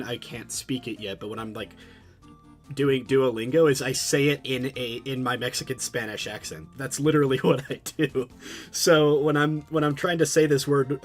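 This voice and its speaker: A man in casual streaming chat, talking at an ordinary middle pitch. He rambles from one thought to the next, stumbling into restarts and doubled words as he talks straight to his live audience. He sounds close to a home streaming microphone. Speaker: livestreamer. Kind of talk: casual chat with a live chat while studying a language.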